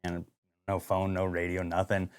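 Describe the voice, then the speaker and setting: A man co-hosting a podcast, telling a hunting story in casual chat, animated and full of "like" and acted-out dialogue. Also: deep voice, moderate pace, clean tone. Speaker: podcast co-host.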